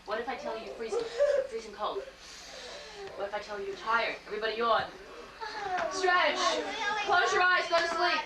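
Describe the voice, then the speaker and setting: A woman entertaining children at a birthday party, leading them through acting games and telling a fairy tale in an animated, coaxing way. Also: high-pitched, moderate pace, long pauses, a loud crowd, very noisy. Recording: roomy, distant home-video camcorder sound with loud music.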